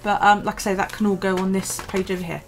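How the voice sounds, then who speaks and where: A woman from the UK talks fast in a flat, medium-pitched voice while chatting casually over her journaling video. She's tired and yawning, and her rambling is full of ums and restarts.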